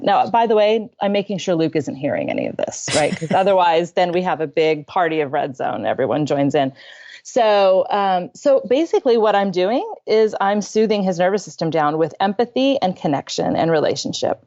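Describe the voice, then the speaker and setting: A woman guest on a parenting interview, telling a personal story in a candid, self-deprecating and animated way from her room at home. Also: fairly low pitch, normal speed, highs cut off. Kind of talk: conversational storytelling.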